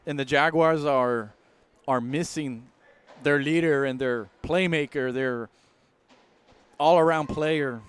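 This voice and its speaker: A man providing color commentary on a basketball game, relaxed and analytical with some filler words. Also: a little high, slow pace, smooth.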